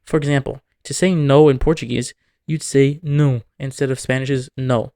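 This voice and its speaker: A man's voice: mid-range voice, steady tone, moderate pace, warm tone. A man narrating a scripted educational video, explaining points methodically and working example words into his explanations. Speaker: language video host.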